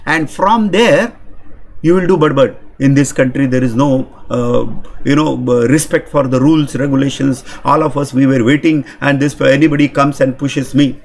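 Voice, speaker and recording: A man's voice: mid-range voice, normal speed. A man with an Indian English accent giving an emphatic, motivational seminar talk to an audience as a management consultant. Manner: animated, emphatic lecturing to an audience.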